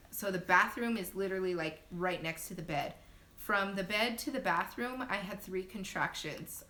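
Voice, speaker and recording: A young woman and new mother casually telling her birth story to viewers on a livestream, chatty and talking straight to her audience. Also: a bit bright. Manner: chatty, talks to viewers directly. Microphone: phone livestream. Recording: low-quality livestream audio with faint noise.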